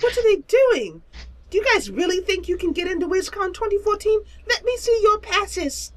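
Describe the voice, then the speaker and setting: A woman voicing a fussy, gleeful male gremlin gatekeeper in a prim, drawn-out, giggly manner. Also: very high voice, sing-song, slight background noise, voice pushed up. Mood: smug.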